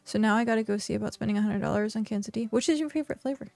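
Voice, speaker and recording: A woman's voice: a little high, rapid-fire, creaky, darkish tone, dry recording. A woman streaming a game, chatting casually, talking to herself and reading chat aloud. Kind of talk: casual live-stream chat while gaming.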